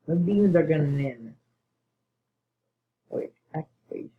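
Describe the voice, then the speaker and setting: A man giving excitable gaming commentary, bursting into panicked yelling and muttering asides under his breath. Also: fairly high pitch, takes it slowly, long pauses. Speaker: gamer. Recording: tinny phone-like mic with faint hiss.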